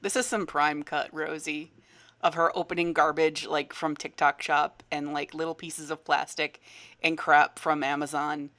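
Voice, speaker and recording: A woman with a fairly low voice lectures the camera in a sarcastic, scolding tone. Her delivery stays dry and critical. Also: level tone, moderate pace, fairly bright tone. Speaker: commenting creator in a played clip.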